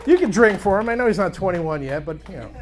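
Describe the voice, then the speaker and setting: A man's voice: sits high, animated, fast talker, a faint crowd, slight background noise. A man in his thirties doing a crude, brash stand-up set on a comedy club stage, acting out voices of his family.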